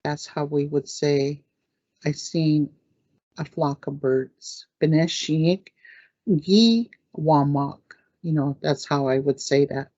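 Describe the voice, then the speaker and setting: A woman teaching words in a language lesson, saying each word slowly, repeating it, and clearing her throat now and then. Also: sits low, flat delivery, mellow, no echo. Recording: dull lo-fi dry recording.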